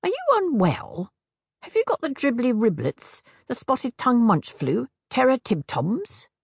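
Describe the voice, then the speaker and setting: A woman's voice: on the high side, huge pitch swings, a little slow, gravelly, husky, no room sound, studio quality, voice pushed up, exaggerated voice. Woman putting on a chattering eccentric hag. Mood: breezy. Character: odd, brisk female hag, eccentric and talkative.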